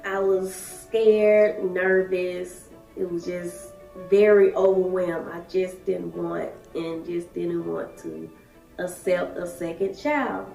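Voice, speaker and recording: A woman, telling her own story in halting, emotional short phrases. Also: lowish voice, fairly even intonation, creaky. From Alabama, USA. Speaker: daycare worker sharing her story. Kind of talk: personal testimony. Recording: echoey room, distant mic, soft music.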